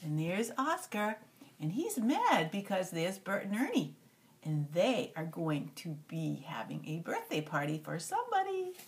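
An older woman reading a picture book aloud to a child, animated and stopping often to talk to the little one. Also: fairly low pitch, measured pace.

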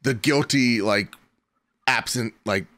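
A man's voice: medium pitch, slow, sharp tone, dry recording. A man in his thirties co-hosting a podcast, chatting casually and rambling with plenty of "like" fillers. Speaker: podcast co-host. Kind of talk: casual chat.

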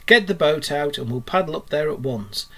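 Teacher doing a good-natured male river rat for a storybook: upbeat, hearty, lively. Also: on the high side, moderate pace. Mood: cheerful. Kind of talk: storybook reading.

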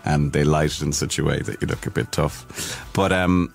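A man, a guest actor, chatting casually in a radio interview, soft-spoken and hesitant, often restarting his sentences. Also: very deep voice, steady tone, moderate pace, vocal fry, soft background music.

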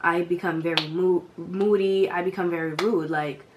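Animated young woman telling a story. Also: lowish voice, moderate pace, background noise. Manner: animated, slangy, talks to viewers directly. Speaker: vlogger. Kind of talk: storytime vlog.

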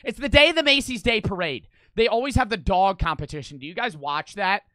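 A man hosting a reaction video, his talk blunt, loud and full of swearing. His voice is bright and lively, swinging widely in pitch, and the recording is close and dry with no room sound. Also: brisk, no echo. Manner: loud, blunt and profane, with frequent laughter. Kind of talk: casual reaction commentary.

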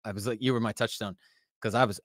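Friendly American podcast host. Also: male voice, on the low side, steady tone, quick pace, fairly bright tone, dry recording, clean studio sound. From United States. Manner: friendly, reminiscing, laughs along. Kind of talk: casual interview chat.

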